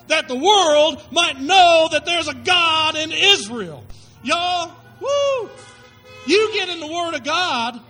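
A man's voice: very high voice, sharp tone, rough recording. A male pastor preaching a sermon, telling stories in folksy slang with emphatic delivery.

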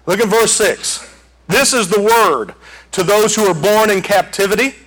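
A male pastor delivers a sermon in a high, ringing voice. He moves between folksy, down-home storytelling and loud, emphatic climaxes. His tone stays bright and forward throughout. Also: animated, takes it slowly, long pauses, rough recording.

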